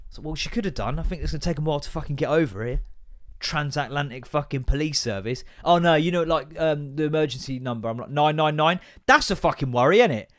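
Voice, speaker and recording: Sweary, animated podcast host. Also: male voice, a little high, quick pace. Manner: sweary, sarcastic, animated storytelling. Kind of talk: casual solo podcast rant.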